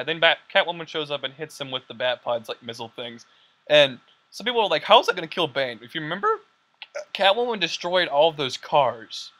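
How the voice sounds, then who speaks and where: A young man hosting a casual podcast, rambling excitedly with lots of fillers and quoted lines. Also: mid-range voice. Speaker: podcast host. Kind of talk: casual chat.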